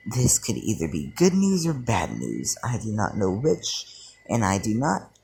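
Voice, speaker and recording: A man voicing a composed, polite teenage girl who speaks in a measured way. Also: lowish voice, huge pitch swings, creaky, a little mellow, slightly rough, full character voice. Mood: wary. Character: composed teenage girl, student council type.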